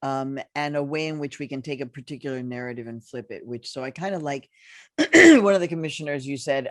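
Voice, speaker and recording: A woman's voice: low-pitched, animated, a little fast, no room sound, studio quality. A woman moderating a panel discussion over a video call, speaking in a reflective, personal way with fillers and restarts.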